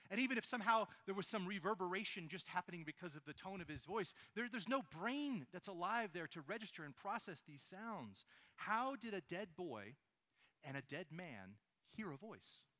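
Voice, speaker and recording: A man's voice: high voice, big pitch swings, moderate pace, pushed and bright. A man preaching a sermon, asking his listeners rhetorical questions and reading scripture aloud. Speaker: pastor.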